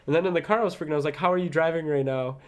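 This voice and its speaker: A man's voice: fairly high pitch, rapid-fire. A young man co-hosting a podcast, telling a long story in casual chat, rambling, swearing often and laughing at himself. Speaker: podcast co-host.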